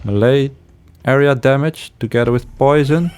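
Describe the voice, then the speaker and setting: A man's voice: mid-range voice, normal speed, clean tone, soft background music. A man giving casual let's-play commentary, thinking aloud with hesitations and frequent chuckles. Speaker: game streamer.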